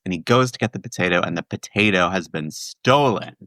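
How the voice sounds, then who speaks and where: A man in his forties from the Washington, D.C. area, a guest telling a childhood story in a relaxed chat and laughing often. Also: deep voice, fairly quick, hardly any pauses, no echo. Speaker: guest, musical theater writer. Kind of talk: casual podcast chat.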